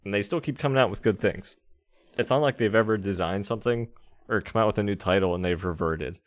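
A deep-voiced man chatting casually on a podcast, dropping dry jokes and quick asides. The sound is close and dry, with no echo. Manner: joking, wry asides. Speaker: podcast co-host. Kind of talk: casual chat.

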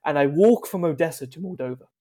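A man's voice: on the high side, fast talker, mellow. A young man, a podcast guest telling rambling, offhand travel stories in a wry, casual way. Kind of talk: casual anecdotal storytelling.

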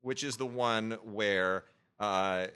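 Podcast guy talking it out, crisp bright tone, stops and restarts a lot. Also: fairly low pitch, slow. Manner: thoughtful, searching for words, many restarts. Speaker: podcast co-host. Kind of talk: casual chat.

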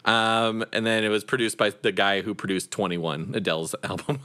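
A man's voice: fairly low pitch, normal speed, sharp tone. A man co-hosting a casual music podcast, laughing often and trailing off mid-sentence. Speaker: podcast co-host.

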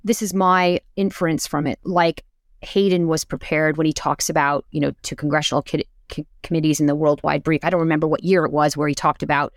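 Low-voiced woman, monotone. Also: brisk, no room sound, clean studio sound. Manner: hesitant, many restarts and fillers. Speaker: guest analyst. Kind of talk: casual interview talk.

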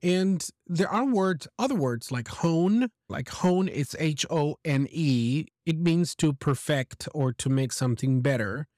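A man's voice: fairly high pitch, animated, unhurried, few pauses, a little mellow, no echo, clean studio sound. A man hosting an English lesson, giving encouraging feedback on a listener's message and explaining pronunciation with examples. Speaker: English teacher and podcast host.

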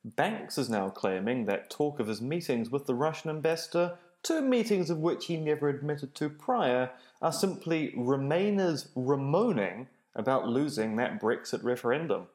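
A man as a podcast guest, chatting with dry, deadpan humour. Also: mid-range voice, normal speed, hardly any pauses. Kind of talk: casual podcast chat.

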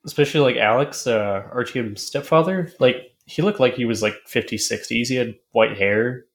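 A man co-hosting a podcast in casual chat, halting and repeating filler words as he thinks aloud. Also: mid-range voice. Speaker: podcast co-host.

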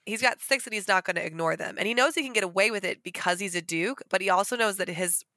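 Woman podcaster, argues her point with energy, bright tone, dry close mic. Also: medium pitch, quick pace, dry recording. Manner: animated, argumentative. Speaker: podcast co-host. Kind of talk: casual book discussion.

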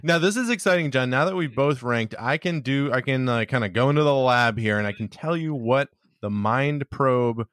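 A man co-hosting a podcast in casual chat, talkative and quick to laugh. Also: medium pitch, fairly bright tone, dry recording, clean studio sound. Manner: chatty, laughs often. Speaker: podcast co-host.

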